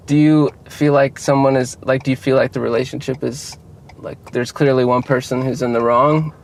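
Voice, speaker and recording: A man's voice: mid-range voice, fairly even intonation, normal speed, gravelly. A man hosting a podcast, chatting casually while out walking, with a rambling, laid-back way of talking and frequent laughs. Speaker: podcast host. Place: outdoors by a road.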